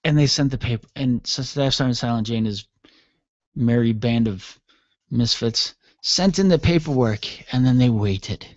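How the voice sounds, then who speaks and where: A man's voice: mid-range voice, normal speed, dry recording. A man hosting a radio show, telling a comic story in a playful, mock-dramatic way, on a dull, dry recording.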